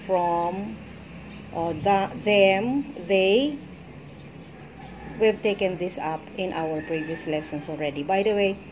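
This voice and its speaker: A middle-aged woman with a Filipino accent, teaching a shorthand lesson and deliberately spelling out letters one by one. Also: medium pitch, background noise. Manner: slow, deliberate spelling out of letters with code-switching. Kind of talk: instructional lesson.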